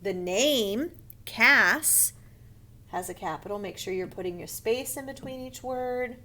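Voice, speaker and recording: A woman teaching a first grade grammar lesson in a slow, patient voice, and now and then she whispers a quick aside to herself. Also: slight background noise. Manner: slow, patient teacher voice, sometimes lifts her pitch to show an excited sentence. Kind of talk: recorded online grammar lesson.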